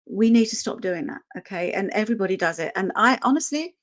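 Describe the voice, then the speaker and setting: A woman's voice: medium pitch, expressive, fast. A woman teaching an online dog-training workshop, chatty and often checking in with "okay?".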